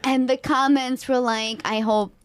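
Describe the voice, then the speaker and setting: A woman's voice: high-pitched, fairly even intonation, a little slow, clean tone. A woman comedian appearing as a podcast guest, telling stories playfully in casual chat. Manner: playful storytelling, laughs easily.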